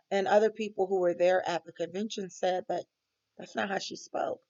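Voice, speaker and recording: A woman's voice: lowish voice, creaky, a little mellow, muffled recording. A woman student recording a class reflection, talking hesitantly with many ums.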